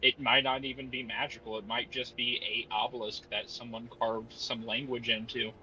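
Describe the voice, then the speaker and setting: A man calmly runs a tabletop game, explaining the rules step by step in a bright voice. His recording sounds a bit dull and lo-fi. A faint hum sits in the background. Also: medium pitch, normal speed. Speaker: game master.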